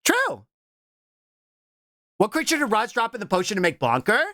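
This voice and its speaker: A young adult VTuber streamer chatting casually on a live reaction stream. They break into playful shouts and keep tossing out a questioning "what?". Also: mid-range voice, huge pitch swings, moderate pace, no room sound, clean studio sound. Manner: keeps repeating a questioning "what?" between remarks; stumbles and restarts mid-sentence.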